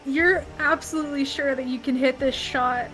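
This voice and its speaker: A woman's voice: high voice, steady tone, normal speed, a bit bright, faint music behind, low-quality recording. A woman running a tabletop game as dungeon master on a stream, easygoing and giggly.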